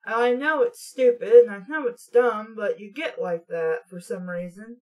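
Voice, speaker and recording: A woman's voice: mid-range voice, normal speed, darkish tone, low-quality recording. A woman hosting a book-reading channel, giving sarcastic commentary and swearing casually. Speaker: booktube host.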